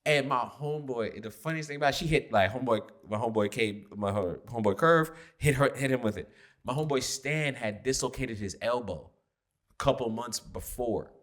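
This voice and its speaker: A man co-hosting a podcast, telling a story in casual chat, laughing and loudly acting out the people he quotes. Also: medium pitch, a little fast. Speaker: podcast co-host.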